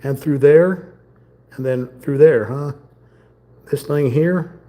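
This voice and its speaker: A man voicing a folksy Old West cowboy with a drawl, talking high and slow. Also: dark tone.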